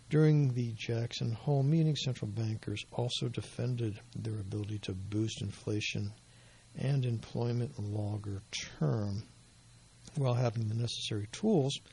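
A man giving financial market commentary in a measured, explanatory way, his voice going hoarse. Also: medium pitch, warm tone. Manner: measured, explanatory, with dry asides. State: losing his voice.

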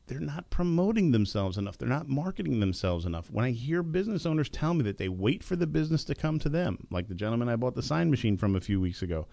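A middle-aged male radio host with a gravelly, creaky voice lays out his business advice in an emphatic, lecturing way. His voice sits in the middle range, and the recording is dry and close, with almost no room sound. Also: mid-range voice, darkish tone, dry recording. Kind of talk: business talk radio monologue.

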